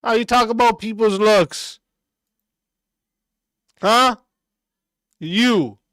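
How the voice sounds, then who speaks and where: A man's voice: high voice, drawn-out words, fairly bright tone, no room sound. A man streaming a reaction and ranting back at a clip, aggressive and mocking, cursing constantly. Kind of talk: profane reaction rant.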